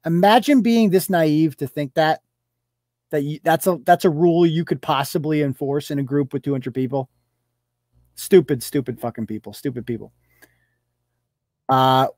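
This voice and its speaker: A man's voice: a little high, a little mellow, no room sound, clean studio sound. Profane, sarcastic ranting male host. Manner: mocking rhetorical questions. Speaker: live show host. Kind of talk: ranting commentary while reading a group's posts aloud.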